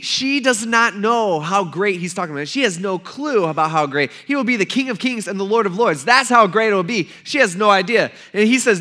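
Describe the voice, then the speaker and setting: A man's voice: high voice, sharp tone. A young man preaching a sermon as pastor, in a casual, conversational way with playful acted asides.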